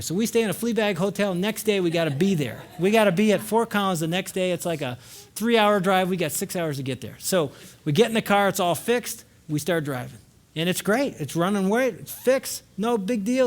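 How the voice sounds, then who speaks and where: A male conference speaker telling a story in a sermon, animated, acting out scenes and shouting at the peaks. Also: high voice, fairly quick.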